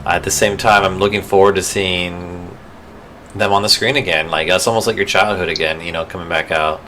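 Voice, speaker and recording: A man's voice: low voice, fairly even intonation, fairly quick, bright, forceful tone, slight background noise. A man co-hosting a casual movie chat podcast, playful and profane, acting out film lines. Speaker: podcast co-host.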